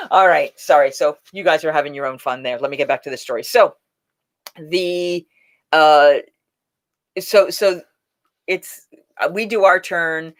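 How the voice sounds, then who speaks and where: A woman hosting a casual live chat, telling stories in an animated way and acting out quotes. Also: deep voice. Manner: animated, laughing storyteller who acts out quotes. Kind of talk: casual live-stream storytelling.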